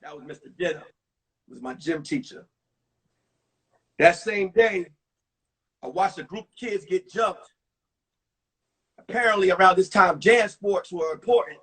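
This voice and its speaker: A male comedian telling animated stories from high school in a one-man show on a livestream. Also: unhurried, pauses often, husky. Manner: animated, acts out voices. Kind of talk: stand-up storytelling. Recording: distant mic on a phone livestream.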